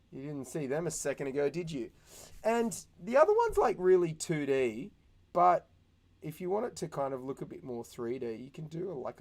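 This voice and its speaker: A young man teaching animation in a casual, chatty way, thinking out loud and making little sound effects as he works. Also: a little high. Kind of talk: casual screen-recorded tutorial.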